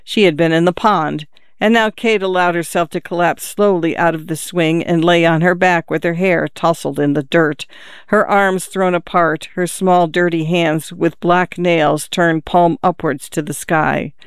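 A narrator reads a novel aloud at a measured, calm pace. The voice is smooth and resonant, sitting at a middle pitch. The recording is dry and close, with no room sound. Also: no echo. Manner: measured, calm storytelling with lifted character voices. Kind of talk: audiobook reading of a novel.

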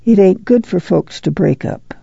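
A man voicing a weary, gentle old farm mother with a soft rural drawl. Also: sits high, expressive, normal speed, vocal fry, slightly rough, dry recording, pitched above the performer's own voice, full character voice. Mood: hopeful. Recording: dull lo-fi recording.

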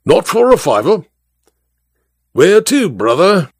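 A man's voice: high voice, sing-song, slow, no room sound, studio quality, pitched above the performer's own voice, full character voice. A man voicing a preachy working-class male cab driver who lectures in a self-righteous, speechifying way. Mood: wry.

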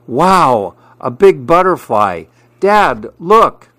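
A man reading aloud, voicing an excited little boy in a picture book who keeps calling out to his dad. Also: on the high side, slow pace, dry recording, voice pushed up, full character voice. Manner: eager, calling out.

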